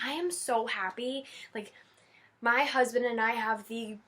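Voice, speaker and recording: Her voice sits on the high side, steady yet sharp, and she keeps a measured pace. The young vlogger, in her twenties, chats casually to camera, teary-eyed, gushing emotionally with many fillers.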